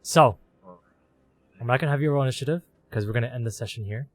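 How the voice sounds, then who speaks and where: This game master, a fast talker with a mid-range voice, narrates a tabletop role-playing game. His scene descriptions pour out as long run-on sentences linked by "as".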